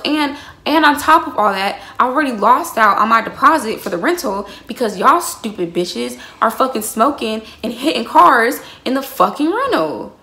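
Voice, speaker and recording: A young woman vlogger with a high, bright, forceful voice tells her viewers a heated, profanity-laced story, calling them y'all. The recording has a roomy echo.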